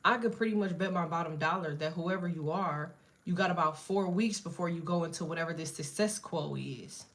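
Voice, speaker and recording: A woman's voice: lowish voice, brisk. A woman doing a casual live tarot reading, blunt and profane, chatting to viewers and jumping between cards and asides. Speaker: tarot reader.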